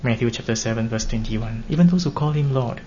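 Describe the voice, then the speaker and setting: A man's voice: medium pitch, mellow. Earnest male preacher, dull lo-fi recording. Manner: earnest, measured, with emphatic rises. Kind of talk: sermon. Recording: dull lo-fi recording with faint hiss.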